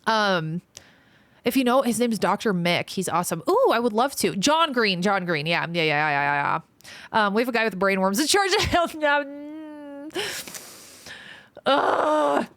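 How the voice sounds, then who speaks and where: A woman's voice: medium pitch, animated, fairly bright tone, dry recording. Profane, frank woman streamer. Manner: frank, profane, quick to vent. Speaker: surgical trainee. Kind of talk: casual live-stream chat, reading viewer comments aloud.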